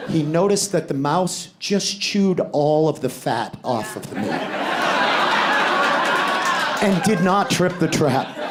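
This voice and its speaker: High-voiced guy doing stand-up, loud and animated, live crowd noise behind him. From United States. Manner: loud, animated storytelling with sudden shouts. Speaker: stand-up comedian. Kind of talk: stand-up comedy set. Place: live comedy venue with audience.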